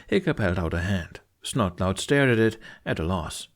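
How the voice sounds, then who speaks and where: Animated male audiobook narrator. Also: low voice, moderate pace. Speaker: audiobook reader. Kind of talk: storybook narration.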